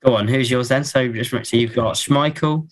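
A man's voice: medium pitch, steady tone, moderate pace. A man co-hosting a podcast, chatting casually about football in a rambling way, full of fillers and restarts. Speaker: podcast co-host.

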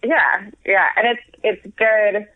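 A woman's voice: mid-range voice, steady tone, no room sound. Chatty woman on a tinny phone line. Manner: rambling, self-deprecating, quick laughs. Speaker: guest comedian. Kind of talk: casual chat.

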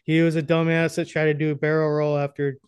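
A man's voice: fairly high pitch, flat delivery, quick pace, clear, resonant tone, no echo. A young man co-hosting a podcast in casual, rambling chat, crude and often laughing. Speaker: podcast co-host.

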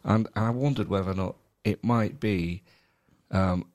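Male co-host, lowish voice, swears freely, repeats words as he talks. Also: unhurried, darkish tone. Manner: sweary, stammering restarts, rambling. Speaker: podcast co-host. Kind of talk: casual chat.

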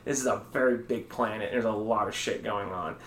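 A man's voice: lowish voice, a little fast, fairly bright tone, slight background noise. Blunt, swearing man in an echoey room. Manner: blunt, swears freely, laughs at own rants. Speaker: podcast guest, cancer survivor. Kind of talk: casual podcast chat.

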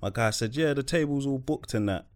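A man from London with a London accent, telling a clipped, deadpan anecdote. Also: medium pitch, fairly quick. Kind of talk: casual chat.

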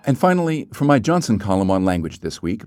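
A man's voice: on the low side, very animated, fast, a little mellow, soft background music. A male host presenting a news magazine podcast in a scripted way.

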